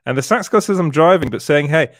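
In a dry, close recording, a male co-host with a slightly high voice and lively intonation talks fast while reading chat comments aloud during a casual podcast live stream. He laughs often.

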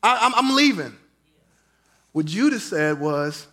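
High-voiced, animated preacher man. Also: unhurried. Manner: animated storytelling preacher, swings from loud to hushed. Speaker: pastor. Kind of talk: sermon.

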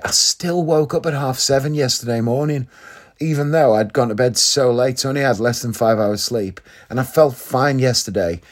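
Chatty man musing in a vlog. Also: medium pitch. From Northeast England. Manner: chatty, leans on tag questions like "isn't it?". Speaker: vlogger. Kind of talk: casual vlog monologue.

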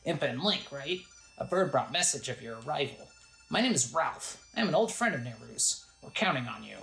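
A woman's voice: extremely low pitch, animated, moderate pace, creaky, fairly bright tone, reverberant, faint music behind, exaggerated voice. A woman reading the lines of a boastful, protective young male wizard from a video game in a plain voice. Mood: friendly.

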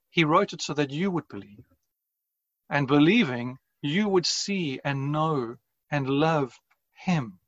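A male pastor preaching in an unhurried, earnest style, letting each phrase land before moving on. His voice sits a little high for a man. The recording is dry and somewhat dull, like a lo-fi capture. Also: no echo. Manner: measured, earnest preaching with deliberate pauses. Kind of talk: sermon.

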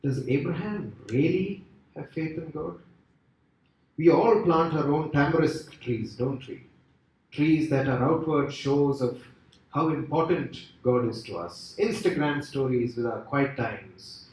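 A man's voice: fairly high pitch, measured pace, recorded from a distance, slight background noise. Man preaching in a big echoey hall. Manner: expressive, rising and falling delivery with rhetorical questions. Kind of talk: sermon.

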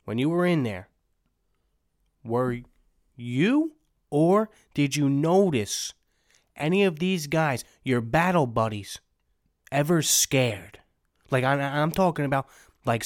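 A man's voice: medium pitch, no room sound, clean studio sound. A man hosting a casual chat, asking needling, mock-serious questions. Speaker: host.

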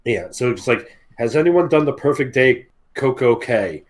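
A man's voice: mid-range voice, expressive, normal speed. A man co-hosting a podcast, chatting casually, teasing his co-host and reading out posts in a mocking tone. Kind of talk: casual chat.

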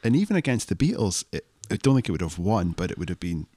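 Low, lively-voiced man in wry chat. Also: quick pace, dry recording, studio quality. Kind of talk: casual chat.

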